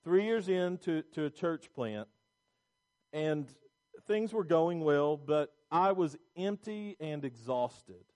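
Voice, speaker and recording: A man's voice: on the high side, animated, slow, darkish tone. A middle-aged male pastor preaching a sermon, emphatic and repetitive, with restarts.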